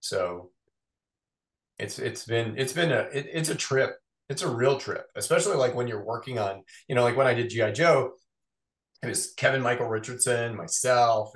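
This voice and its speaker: A man who works as a voice actor, chatting casually as an interview guest in an animated, rambling way with quick asides. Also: medium pitch, roomy sound.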